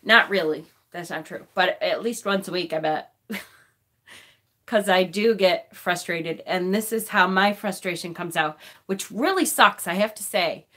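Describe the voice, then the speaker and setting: A woman's voice: lowish voice, measured pace, a bit bright. Woman, forties, tearful, blunt and swearing, live-stream chat, phone mic. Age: 40s. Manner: emotional, tearful, laughing and swearing. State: crying.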